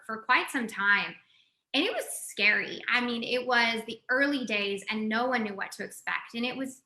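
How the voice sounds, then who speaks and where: A woman from West Texas in her forties, talking in a chatty, animated way as a guest on a video call interview. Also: fairly high pitch, reverberant. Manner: chatty, animated, laughs easily. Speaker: guest, communications executive.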